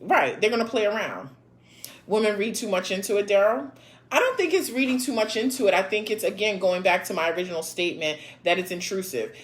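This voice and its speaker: A woman's voice: medium pitch, animated, fairly quick. A woman in her thirties hosting a casual live chat, reading viewer comments aloud and answering in a blunt, sassy way, with frequent laughs and swearing.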